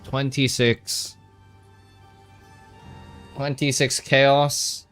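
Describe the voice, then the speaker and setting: A man's voice: medium pitch, little pitch movement, very slow, fairly bright tone, faint music behind. A man streaming a video game, sleepy and rambling, with lots of fillers and the odd curse. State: drowsy. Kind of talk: casual live-stream commentary.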